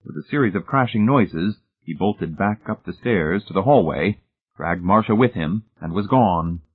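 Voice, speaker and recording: Male audiobook narrator, low and husky, measured and suspenseful, phone-like lo-fi sound. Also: lively intonation. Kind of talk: scripted narration.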